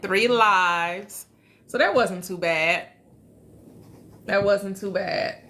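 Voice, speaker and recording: Woman, live-stream host, casual chat, slow delivery, bright tone, repeats phrases. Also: medium pitch. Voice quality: frequent laughter, repeats phrases. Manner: greets viewers by name, chatty and affirming.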